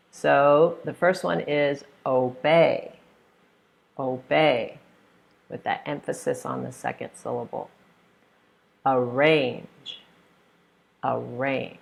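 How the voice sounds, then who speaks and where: A young American woman teaches pronunciation online. Her voice sits low and carries a gravelly fry. She stretches out the stressed syllables in her examples, and now and then she acts out short scenes to show her point. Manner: slow, exaggerated modelling of stressed syllables.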